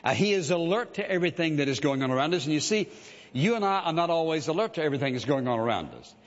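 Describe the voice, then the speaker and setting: A man preaches in a plain, talky way, with many fillers and "listen" asides. His voice sits a little high for a man. The sound is dull and lo-fi, with a long echo trailing in a big hall. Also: animated, fast. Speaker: pastor. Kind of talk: sermon.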